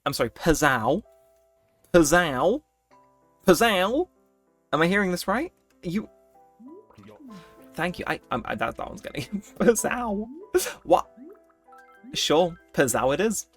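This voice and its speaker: A man's voice: high-pitched, sing-song, unhurried, pauses often, husky, soft background music. Chatty young man playing a game. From United Kingdom. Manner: chatty, self-mocking, rambling with frequent laughs and fillers. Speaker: let's play host. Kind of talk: casual gameplay commentary.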